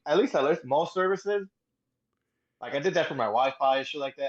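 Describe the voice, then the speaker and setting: A man's voice: a little high, brisk, lo-fi sound. A man talking as a podcast guest, laid-back and slangy, calling the host bro. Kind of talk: casual chat.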